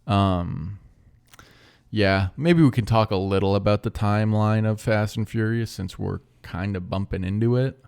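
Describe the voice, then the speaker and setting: Casting: young male podcast co-host, lowish gravelly voice, relaxed conversational delivery. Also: a little slow. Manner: laid-back, drifts into mock quotes. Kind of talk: casual movie podcast chat.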